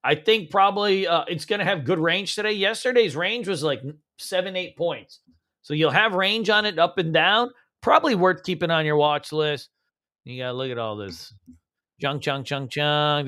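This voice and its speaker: Man hosting a casual live market stream, slightly high voice, loose and slangy, hums while he works. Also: a bit bright. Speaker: stock trading streamer.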